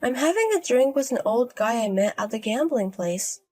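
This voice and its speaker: A woman voices a storybook character, a young woman who gambles and stays unbothered, using a low-key deadpan at a normal pace.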